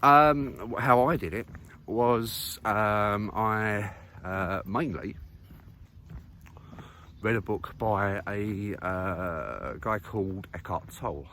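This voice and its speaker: A man's voice: fairly low pitch, very slow, pushed and bright, a little hiss or hum. Man rambling on a country walk. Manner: rambling, many fillers, thinking aloud. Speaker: vlogger. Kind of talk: casual walking monologue. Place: outdoors on a muddy countryside walk.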